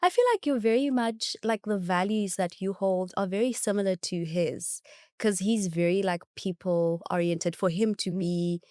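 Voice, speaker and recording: A woman's voice: mid-range voice, normal speed, no room sound, clean studio sound. A woman hosting a podcast, chatting with her guest in an effusive, affirming way. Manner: warm, effusive, many affirming interjections. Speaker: podcast host. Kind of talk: casual podcast interview.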